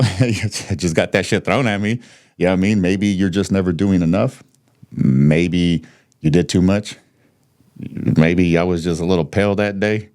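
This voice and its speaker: A man in his thirties from the U.S. speaks in a voice that sits low and sounds a little mellow. He's a podcast guest telling his story candidly, bluntly, swearing freely and laughing between points.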